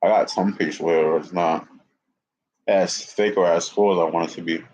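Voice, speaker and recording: A man's voice: low-pitched, fairly even intonation, normal speed, a little mellow. A man in his twenties rambling profanely on a live stream, repeating himself and slightly out of breath. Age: 20s. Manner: profane, repetitive, restarts often. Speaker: livestreamer. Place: indoor room with a fan. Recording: muffled lo-fi stream audio.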